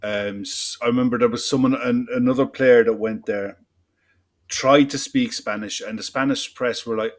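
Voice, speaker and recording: A man's voice: medium pitch, fairly even intonation, moderate pace. A man co-hosting a football podcast, talking bluntly and emphatically and swearing freely in casual chat. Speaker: podcast co-host.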